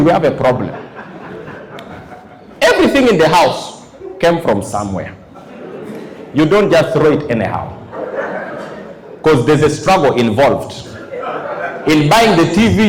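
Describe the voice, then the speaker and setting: A man doing stand-up comedy in front of a live audience, telling animated stories and acting out his characters. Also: on the high side. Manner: animated storytelling, acts out characters. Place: large live venue. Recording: echoey hall, loud crowd laughter.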